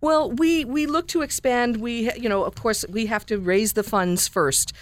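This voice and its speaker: A woman's voice: fairly high pitch, measured pace. A woman guest from a children's reading charity speaking earnestly in a radio interview and reading a storybook aloud expressively.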